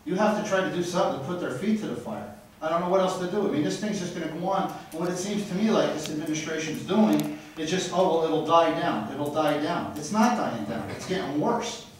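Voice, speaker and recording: A man's voice: high-pitched, quick pace, a little hiss or hum. A frustrated man giving a blunt, rambling public comment at a city council meeting. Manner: frustrated, grows loud and accusatory. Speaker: resident speaking at public comment. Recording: very echoey council chamber from far off.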